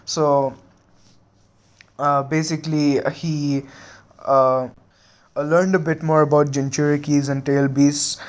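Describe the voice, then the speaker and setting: A young man improvising a fan story, halting and full of filler words and restarts. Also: fairly high pitch, flat delivery. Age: young adult.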